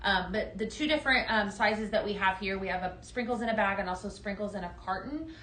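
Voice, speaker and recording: Bright-voiced woman hosting a live sale, gushing and upbeat, in an echoey studio. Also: mid-range voice, a little fast. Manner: gushing, upbeat sales talk; talks straight to viewers. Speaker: host of a live home-decor sales stream. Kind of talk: live product demo chat.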